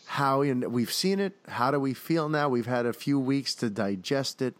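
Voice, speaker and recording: A man's voice: mid-range voice, normal speed, no room sound. Chatty podcast host man, dry mic. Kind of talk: casual podcast chat.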